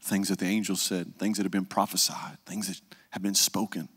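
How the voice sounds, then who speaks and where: A male pastor, preaching a conversational sermon and dropping to a hush for the solemn parts. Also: low-pitched, flat delivery, brisk, husky, big-room sound. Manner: conversational preaching, acts out quoted voices, drops to hushed tones.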